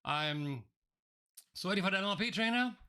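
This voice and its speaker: A man runs a live coaching webinar over a video-call mic, greeting attendees and reading their names from the chat. His voice sits a bit high for a man and sounds bright and forceful. He often doubles back on words and restarts his sentences as he talks. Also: expressive, measured pace, clear, resonant tone. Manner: addresses viewers directly, reads out names from the chat. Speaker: NLP trainer running a live online session. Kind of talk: interactive live webinar teaching. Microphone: video call microphone.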